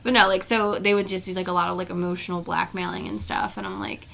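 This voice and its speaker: A woman's voice: on the low side, big pitch swings, fast, creaky, fairly bright tone. A young woman co-hosting a podcast, talking casually with lots of "like". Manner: chatty, says "like" often. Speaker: podcast co-host. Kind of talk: casual chat.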